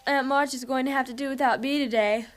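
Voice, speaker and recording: A woman's voice: high voice, steady tone, quick pace, over music, close to an everyday voice. Jo March, a woman voicing a sniffly teenage girl. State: sneezing and stuffy with a cold. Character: spirited teenage girl with a cold, playful. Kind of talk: animated series dub.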